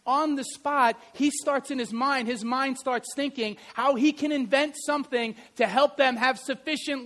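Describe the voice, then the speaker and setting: A middle-aged man preaching a sermon, telling stories in a lively way and swinging from loud to quiet. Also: very high-pitched, normal speed, hardly any pauses. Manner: animated storytelling, varies loudness widely. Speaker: pastor and history teacher.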